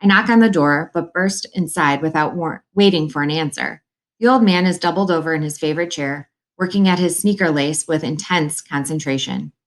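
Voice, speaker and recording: A woman reading a novel aloud in the first person, with earnest, quick storytelling. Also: sits low. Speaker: audiobook narrator. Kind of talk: first-person audiobook narration.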